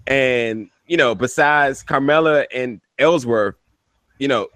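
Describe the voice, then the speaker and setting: A man's voice: medium pitch, slow, fairly bright tone, no echo. A man co-hosting a casual wrestling podcast, hesitant with many fillers, then heated rants. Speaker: podcast co-host.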